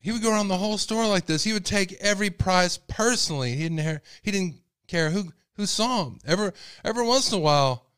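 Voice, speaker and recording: A man's voice: high voice, animated, fairly quick, hardly any pauses, fairly bright tone, smooth, no room sound, clean studio sound. A male host telling a rambling, folksy story in a casual monologue. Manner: rambling, folksy, many fillers.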